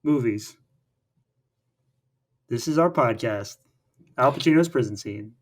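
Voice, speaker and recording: A man's voice: medium pitch, expressive, slow pace. A man co-hosting a casual film podcast, recapping the plot in a rambling way with many fillers and restarts. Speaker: podcast co-host.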